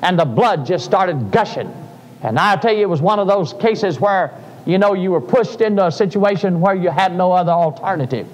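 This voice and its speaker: An older man with a high, expressive voice preaches a sermon at normal speed in a church sanctuary. He tells stories in a folksy way that builds to fervent cries, recorded live amid the room's echo.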